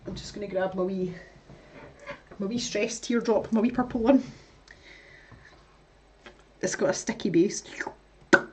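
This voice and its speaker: A woman's voice: mid-range voice, measured pace, long pauses, a little hiss or hum. Chatty woman hosting a craft stream. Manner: chatty storyteller, laughs often, reads chat aloud. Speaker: crafting livestream host. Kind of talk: casual chat while crafting.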